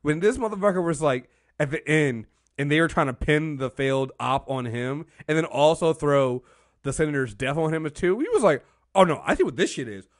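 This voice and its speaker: A man co-hosting a podcast, chatting casually, laughing often and acting out characters in loud bursts. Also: on the high side, normal speed, dry recording, studio quality. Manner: laughing, animated, acts out characters with loud outbursts. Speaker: podcast co-host. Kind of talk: casual chat.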